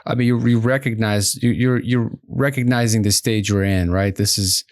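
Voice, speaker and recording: A man's voice: lowish voice, fairly even intonation, moderate pace, a little mellow, no echo, studio quality. A man in his thirties hosting an interview, easygoing and reassuring, making light jokes to put his guest at ease. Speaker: podcast host. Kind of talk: casual interview.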